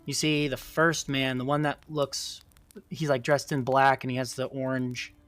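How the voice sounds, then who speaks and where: A man's voice: medium pitch, little pitch movement, moderate pace, fairly bright tone, dry recording, faint music behind. Man narrating a tabletop game. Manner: rambling, many fillers like "um" and "like". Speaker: game master.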